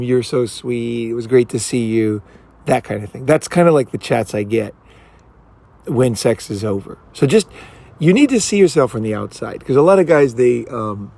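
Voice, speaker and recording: A man's voice: mid-range voice, gravelly, a little mellow, slightly rough. Rambling, blunt man coaching on dating. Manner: rambling, keeps asking "right?"; blunt, swears freely. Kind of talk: casual commentary.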